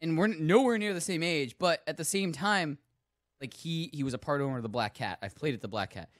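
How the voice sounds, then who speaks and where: A man's voice: a little high, fairly quick, no room sound, studio quality. A man from Northern Virginia hosting a pop culture podcast, chatting casually and telling stories. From Northern Virginia, USA. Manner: animated, storytelling. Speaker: host.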